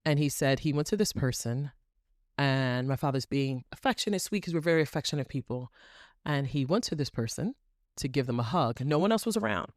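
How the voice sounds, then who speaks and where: A woman with a low voice hosts an inspirational podcast monologue. She tells stories animatedly, repeating phrases for emphasis. The sound is dry and close. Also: animated, fairly quick, no echo. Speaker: podcast host.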